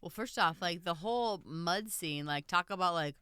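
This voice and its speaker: A woman's voice: on the low side, moderate pace, fairly bright tone, clear, resonant tone, no echo, clean studio sound. A woman co-hosting a podcast, chatting casually and emphatically about a movie. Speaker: podcast co-host.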